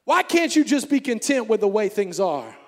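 Man, preacher, fervent shouting sermon, very high voice, gravelly edge, long hall reverb. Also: very animated, moderate pace. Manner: fervent, shouting, call and response.

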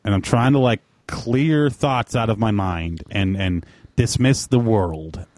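A man's voice: lowish voice, takes it slowly, a little mellow, no echo. A man telling a rambling, profane story in casual podcast chat, mocking himself.

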